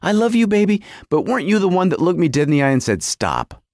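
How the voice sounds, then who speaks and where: Animated middle-aged man telling a story. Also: high-pitched, racing, no echo, clean studio sound. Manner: animated, exaggerated storytelling with quoted voices. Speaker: podcast host. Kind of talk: comic storytelling monologue.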